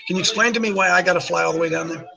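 A man hosting an opinionated talk show, speaking in a slightly raised register with a bright, forceful edge. He hammers his points by repeating them and throws rhetorical questions at his audience. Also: high-pitched, very fast, creaky, low-quality recording. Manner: emphatic, repeats phrases, fires rhetorical questions. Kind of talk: opinionated talk radio commentary.

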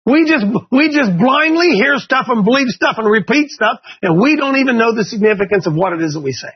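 A man from Ohio leads a Bible class in a chatty, folksy sermon, pressing his listeners with one question after another. His voice sits unusually high and sounds husky. The recording is muffled and lo-fi. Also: lively intonation, a little fast.

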